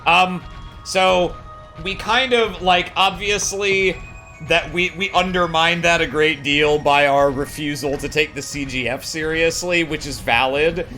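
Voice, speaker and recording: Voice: mid-range voice, fairly even intonation, measured pace, sharp tone, soft background music. A streamer chatting casually about a game, rambling and swearing freely. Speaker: let's play streamer. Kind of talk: casual chat over a game.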